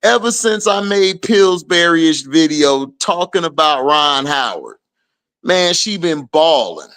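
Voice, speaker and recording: Slow-talking man streaming game commentary. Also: fairly high pitch, smooth. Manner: slangy, laughing, animated trash talk. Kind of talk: casual live watch-along commentary.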